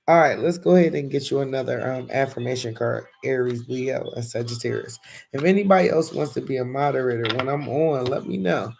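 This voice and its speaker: Philly guy with a gravelly voice doing a chatty tarot livestream, reads cards out and talks to the chat. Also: medium pitch, moderate pace, darkish tone, slight background noise. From Philadelphia. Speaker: tarot reader. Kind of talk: casual live-stream tarot reading.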